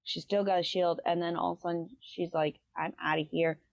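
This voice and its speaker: Woman chatting about a book she read, kinda low voice, lots of ums, dull dry lo-fi sound. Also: little pitch movement, brisk, a little mellow, no room sound. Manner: rambling retelling with many "um"s and "like"s. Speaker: book review podcast host. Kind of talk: casual book review chat.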